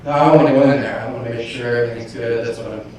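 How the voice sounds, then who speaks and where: A man preaching, telling a personal story and acting out his inner dialogue, with his voice swinging from hushed to shouting. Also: mid-range voice, fairly even intonation, fast talker, a little hiss or hum. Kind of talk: sermon testimony. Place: large church hall. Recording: echoey church hall from far off.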